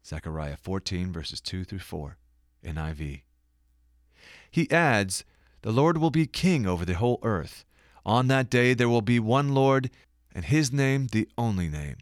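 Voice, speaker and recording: Lively, dry-voiced man reading scripture. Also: fairly low pitch, moderate pace, dry recording. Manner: dramatic scripture reading with quieter verse citations. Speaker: Bible teacher. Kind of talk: scripted narration.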